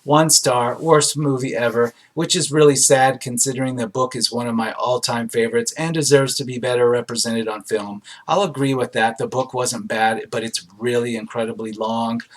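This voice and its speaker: Man, casual review commentary, sarcastic, dry asides, lots of ums, mid-pitched voice. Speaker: host reviewing audience film reviews.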